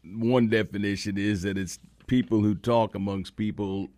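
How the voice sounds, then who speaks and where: Deep-voiced blunt radio co-host, dry. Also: male voice, fairly even intonation, moderate pace, a little mellow, no room sound. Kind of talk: casual comedic radio talk.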